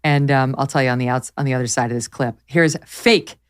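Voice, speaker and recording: A woman's voice: very deep voice, brisk, clear, resonant tone. A woman hosting a talk show, chatting in a mocking, incredulous way and laughing often. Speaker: show host. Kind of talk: casual commentary chat.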